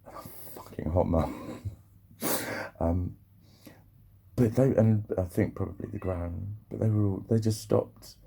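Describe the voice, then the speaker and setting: A man's voice: on the low side, fairly even intonation, measured pace, gravelly, long pauses, dark tone, husky. A man rambling and swearing freely through a casual vlog monologue, often breaking off and restarting his sentences. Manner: rambling, sweary, self-interrupting. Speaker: vlogger.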